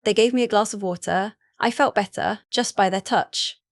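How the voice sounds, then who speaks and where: A woman narrating a first-person romance audiobook in an even, unhurried reading voice. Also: medium pitch, dry recording, studio quality.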